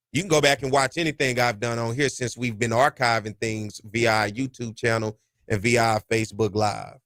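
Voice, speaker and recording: Hosting a sports talk podcast, a man preaches his points in a high, bright voice full of lively pitch swings and folksy slang. The audio is close and dry with no echo.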